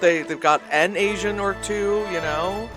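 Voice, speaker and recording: A streamer giving a live reaction to a movie, animated, laughing often, swearing and mocking voices. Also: medium pitch, a little slow, music in the background.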